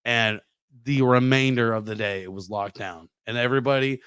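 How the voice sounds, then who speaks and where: A young adult man telling a profane, animated story on a podcast, acting out sound effects as he goes. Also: mid-range voice, normal speed, clean tone, dry recording, studio quality. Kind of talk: casual storytelling.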